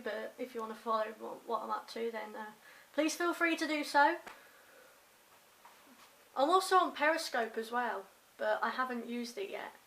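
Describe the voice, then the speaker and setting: A woman's voice: on the high side, a bit bright, rough recording. A young English woman from Hampshire with a slight London twang, chatting casually and rambling through a daily vlog on a compact camera. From Hampshire, England. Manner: chatty, rambling, self-mocking asides. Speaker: vlogger. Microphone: compact camera mic.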